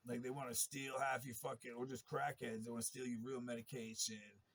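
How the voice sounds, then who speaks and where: A man's voice: mid-range voice, level tone, fairly quick, vocal fry, a bit bright, breathy edge. A man in a long, rambling monologue, talking in a profane and agitated way. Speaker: interviewee telling his story.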